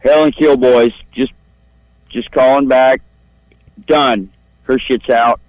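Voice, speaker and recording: A man's voice: mid-range voice, steady tone, takes it slowly, no echo. A man calling in to a radio talk show, telling a long profane story in a crude, rambling, boastful way. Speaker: caller. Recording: dull lo-fi phone line.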